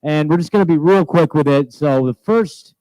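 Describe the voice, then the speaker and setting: A man hosting an onstage festival chat, joking and energetic, a bit scattered, on a handheld mic. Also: fairly high pitch, normal speed, no room sound, poor audio. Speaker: host interviewing festival presenters. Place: festival stage. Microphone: handheld microphone.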